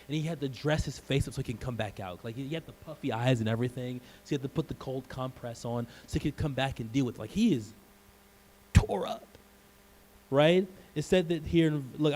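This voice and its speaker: A male pastor preaching a sermon in a church, telling the story in an animated way and acting out the scenes. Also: mid-range voice, slight background noise, poor audio.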